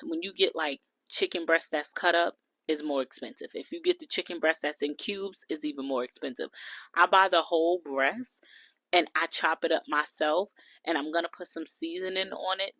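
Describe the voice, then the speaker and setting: A woman's voice: sits low, a bit bright, dry recording. A woman, chatting through a cooking vlog, blunt and talking straight to viewers. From New York City. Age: 30s. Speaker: food vlogger. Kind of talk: casual cooking vlog voice-over.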